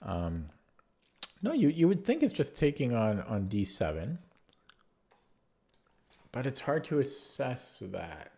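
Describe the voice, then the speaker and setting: A young man streaming chess, thinking his moves out loud, repeating words as he calculates and chatting back to his viewers. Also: mid-range voice, huge pitch swings, slow pace, gravelly, long pauses. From Canada. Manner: chatty replies to viewer chat. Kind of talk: live-stream chess commentary, thinking aloud.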